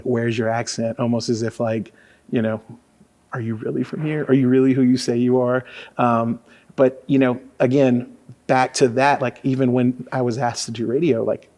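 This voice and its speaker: Laid-back male radio DJ in his forties from Louisiana, spinning casual stories. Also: medium pitch. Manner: relaxed storyteller, lots of fillers. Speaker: radio DJ, guest. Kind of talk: casual conversational interview.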